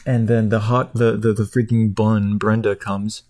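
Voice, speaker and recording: A man rambling through the plot of a movie while clicking away, jumping into high squeaky voices for the characters. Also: level tone, measured pace, a little mellow. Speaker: streamer. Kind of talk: casual chat while clicking.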